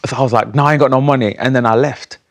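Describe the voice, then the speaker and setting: A man's voice: mid-range voice, fairly even intonation, rapid-fire. Young guy on a tv studio couch, telling it straight, quoting people as he goes. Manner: candid storytelling, quoting others in conversation. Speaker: guest poet. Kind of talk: studio interview and recited poem.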